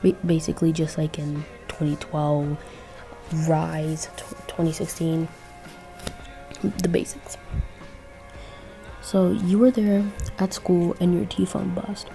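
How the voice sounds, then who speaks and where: Chatty woman telling a fanfic story, low dark voice, quiet music under it. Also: gravelly. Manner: rambling, chatty, self-correcting. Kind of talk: casual fan-fiction narration.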